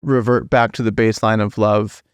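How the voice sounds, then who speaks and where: A man's voice: lowish voice, flat delivery, clear, resonant tone, no echo. Man, podcast host, resonant voice, dry sound, thoughtful questions. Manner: reflective, thoughtful, measured. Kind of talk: interview questions.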